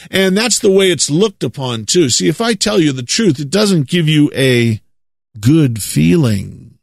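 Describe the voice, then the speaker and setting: Man, preacher, sermon, sarcastic and lecturing, chuckles to himself, slightly high voice. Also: dry recording, clean studio sound. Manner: preachy, sarcastic, chuckles at his own remarks.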